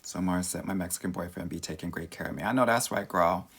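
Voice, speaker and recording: A man's voice: deep voice, fast, a bit bright, breathy edge. A man with a Southern California Valley accent, a dating coach chatting casually on a livestream, sassy and campy, calling everyone girl. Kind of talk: casual livestream chat reading comments.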